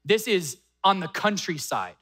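A man preaching a sermon, retelling a scripture story with dramatic pauses and acted-out quotes. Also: high voice, sing-song, bright, forceful tone. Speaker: pastor.

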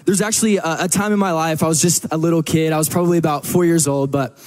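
A man's voice: on the high side, steady tone, fast talker, darkish tone. A man from Texas, preaching a sermon to a church in a casual, joking storytelling manner. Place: church service.

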